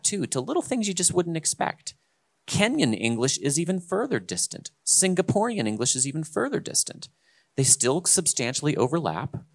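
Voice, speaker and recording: A man hosting a casual discussion, talking in an emphatic, lecturing way that swings between loud stresses and quiet asides. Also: mid-range voice.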